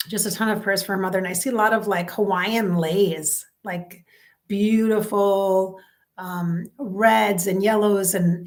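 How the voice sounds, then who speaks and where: Chatty woman medium with soft whispered asides. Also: medium pitch. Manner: chatty, addresses viewers directly, drifts into soft near-whispered asides. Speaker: psychic medium. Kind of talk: casual spoken reading on camera.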